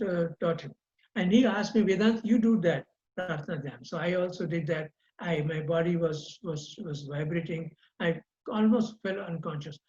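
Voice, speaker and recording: Older man, earnest and halting. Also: high-pitched, darkish tone. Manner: earnest, halting, many repeated words. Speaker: guest. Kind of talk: recounting personal memories in a chat. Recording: roomy, dull lo-fi sound.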